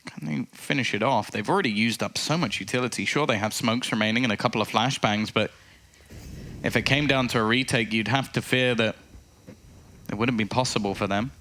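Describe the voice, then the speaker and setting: A man giving live play-by-play commentary on an esports match, getting excitable on big plays. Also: medium pitch, brisk.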